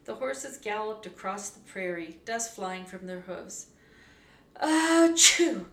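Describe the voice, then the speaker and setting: A woman narrating a children's storybook aloud in a measured, clear, expressive way. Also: medium pitch. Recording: roomy echo, faint background hum.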